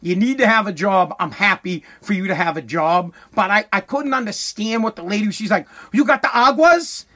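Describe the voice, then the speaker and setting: A man's voice: high voice, a little fast, hardly any pauses, pushed and bright. A man telling a comic story as a profane, exasperated rant, full of stammered restarts. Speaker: comedic storyteller.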